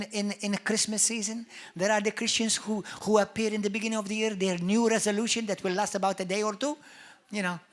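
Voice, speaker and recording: A male pastor with a Maltese accent preaches in a church, bright and forceful in tone. He drives his points hard and slips into quick voices for the people he describes. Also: high-pitched. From Malta. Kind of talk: sermon.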